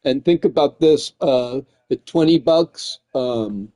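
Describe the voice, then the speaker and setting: A man's voice: mid-range voice, takes it slowly, dark tone, dry recording, studio quality. Rambling, profane guy. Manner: rambling, profane, says "man" and "dude" a lot. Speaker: gaming streamer. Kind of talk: casual rambling chat.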